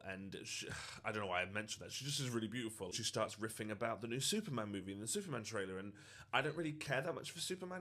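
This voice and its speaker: A man's voice: mid-range voice, a bit bright. A man, a social media creator, telling a personal story in an earnest, reflective way. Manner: earnest and reflective, with frequent fillers. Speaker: TikTok creator.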